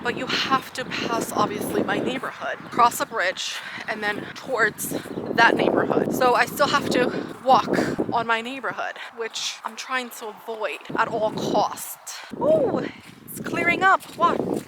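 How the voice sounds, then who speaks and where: Woman, vlogger, casual upbeat chat, somewhat high voice, outdoors on a trail, noticeable outdoor noise. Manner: chatty, upbeat, addresses viewers as guys.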